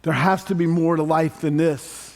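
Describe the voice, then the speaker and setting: A man preaching a sermon as pastor, animated and conversational with touches of humor. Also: a little high, normal speed. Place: church sanctuary.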